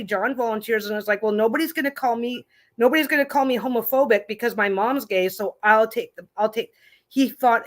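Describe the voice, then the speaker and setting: A woman's voice: mid-range voice, fairly bright tone. A woman in her fifties, a host, telling stories in a casual chat, blunt and profane, with many restarts. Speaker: podcast host.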